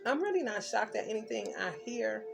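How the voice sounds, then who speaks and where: A woman's voice: fairly high pitch, expressive, a little fast, creaky, over music. A woman doing a tarot reading, telling her story intensely and emphatically with blunt slang. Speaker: tarot reader.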